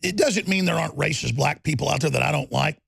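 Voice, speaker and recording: Brief: heated talk-show host, high raspy voice, dry studio mic, repetitive shouting bursts. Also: male voice, fast talker, dry recording. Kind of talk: angry political rant.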